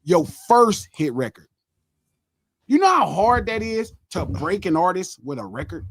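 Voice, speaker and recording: Middle-aged guy hosting a podcast, high voice jumping all over, cussing, dry close mic. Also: measured pace, slightly rough, dry recording. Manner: animated, profane, argues with himself in mock quotes. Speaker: podcast host. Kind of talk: casual chat.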